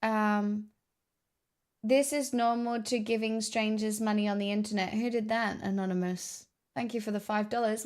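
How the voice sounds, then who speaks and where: A woman's voice: a little high, fairly even intonation, unhurried. A woman streamer chatting casually with her viewers, tired and rambling, with playful self-mockery.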